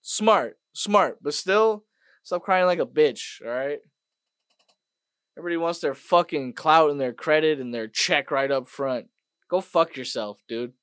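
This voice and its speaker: A man hosting a podcast, ranting casually and profanely, dropping to mutters and then bursting out loud. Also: a little high, a little slow, smooth, no room sound, clean studio sound. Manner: profane, swings between mutters and loud outbursts. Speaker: podcast host. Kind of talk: casual rant monologue.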